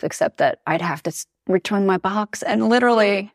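A woman chatting casually as a podcast guest, talking in a loose way full of fillers and quick acted-out quotes. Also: medium pitch, gravelly, no echo, studio quality. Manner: chatty, lots of fillers, animated quoting. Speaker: podcast guest, Paris blogger. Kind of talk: casual conversation. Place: living in Paris.

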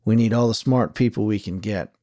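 Steady frontier sheriff, drawling and firm, voiced by a male narrator, audiobook western. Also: fairly low pitch, brisk, no echo, clean studio sound, lightly acted. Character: gruff, steady frontier sheriff, middle-aged man.

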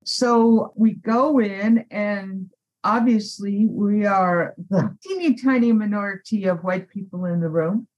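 Animated woman telling a story. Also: mid-range voice, slow, lo-fi sound. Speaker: activist guest. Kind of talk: storytelling interview.

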